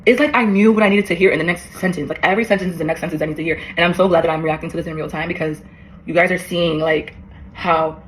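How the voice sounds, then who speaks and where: A woman's voice: low-pitched, steady tone, fast, slight background noise, rough recording. A young woman in her twenties vlogging as she reads an old letter to herself aloud, emotional, swearing and laughing in disbelief.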